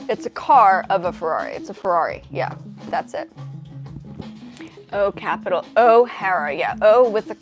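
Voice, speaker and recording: A woman's voice: medium pitch, big pitch swings, a little fast. A young woman with a light South African accent chatting on a livestream, hesitant and friendly, often restarting her sentences as she answers viewers. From half South African, now living in the States. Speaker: livestream host, music composer. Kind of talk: casual livestream chat with viewers. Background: her music track playing faintly.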